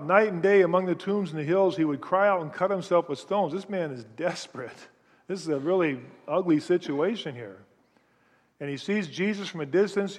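A man preaching a sermon, retelling scripture stories with animated storytelling and frequent restarts. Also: fairly high pitch. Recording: long reverb of a hall.

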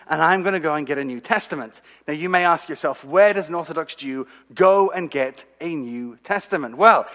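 Male speaker, fairly high voice, dramatic storytelling testimony, long hall reverb. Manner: animated, dramatic storytelling with asides to the audience. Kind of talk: sermon-style storytelling.

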